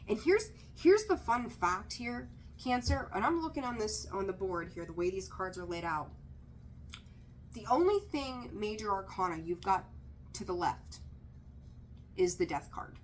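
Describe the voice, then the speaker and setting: Woman tarot reader, lower register, blunt and emphatic, loose casual delivery, slight background hiss. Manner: direct and emphatic, repeats key phrases; candid, mildly profane asides. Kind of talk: casual tarot reading to camera.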